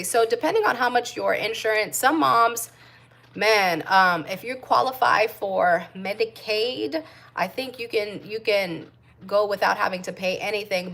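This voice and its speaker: A young American woman and mom chatting casually on a livestream, reading viewer comments and giving shout-outs to other moms. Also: mid-range voice. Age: young adult. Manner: warm chatty shout-outs, coos baby talk to her infant.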